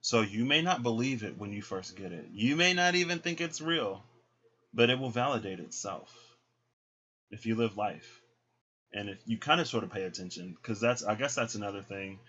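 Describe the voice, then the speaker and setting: A man's voice: lowish voice, lively intonation, moderate pace, pushed and bright, muffled recording, a little hiss or hum. A man giving a casual, chatty tarot reading, full of fillers and acted-out quotes. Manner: chatty, filler-heavy, acts out voices in quotes. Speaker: tarot reader.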